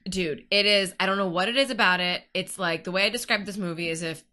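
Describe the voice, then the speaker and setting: Woman podcast host, bright, chatty, swears casually, laughs a lot. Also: mid-range voice, fast. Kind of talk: casual chat.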